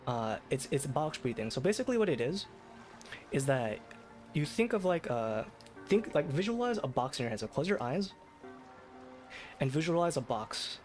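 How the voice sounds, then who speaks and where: With faint music behind him, a male VTuber streams late at night in a slightly high, very animated voice at normal speed, pausing often. His casual live chat is rambling and self-deprecating, peppered with fillers and restarts.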